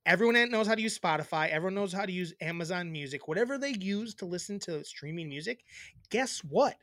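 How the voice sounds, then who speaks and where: A man co-hosting a casual podcast, his pitch swinging widely as he jokes and swears his way through the banter. His voice is bright and forceful. The recording is dry and close, with no room sound. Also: expressive, fast, no echo. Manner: joking, profane, teasing banter. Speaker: podcast co-host.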